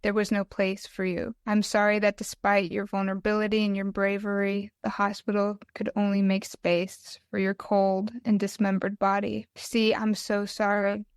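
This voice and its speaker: A woman guest on a podcast, reading her own emotional poem aloud and then explaining it in a halting, tearful way. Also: medium pitch, completely flat delivery, clear, resonant tone, no echo, clean studio sound. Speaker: podcast guest, mental health advocate.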